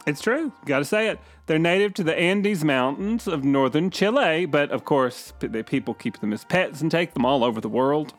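A man co-hosting a casual comedy podcast, reeling off trivia with a wry edge. His voice is a bit higher than most men's, with faint music behind him. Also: animated, moderate pace, hardly any pauses. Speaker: podcast co-host.

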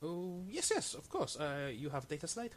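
A man's voice: fairly high pitch, big pitch swings, normal speed. A man voicing a shifty male trader who talks in broken English, haggling and repeating his words. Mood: eager.

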